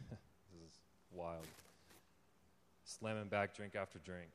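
Low-voiced young man preaching in a reverberant hall. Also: fairly even intonation, slow pace, slight background noise. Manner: conversational storytelling, laughing often, rising to fervent exhortation. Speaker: lay preacher giving a testimony. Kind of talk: informal sermon testimony.

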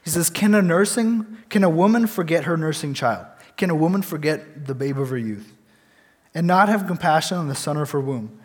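A young man speaks in a casual, earnest way, often stopping and restarting his sentences as he reads verses and shares his own story. His voice sits a little high for a man. The recording carries a long, lingering reverb. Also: animated, moderate pace. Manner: earnest, rambling, with many restarts and fillers. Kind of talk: casual faith talk with scripture reading.

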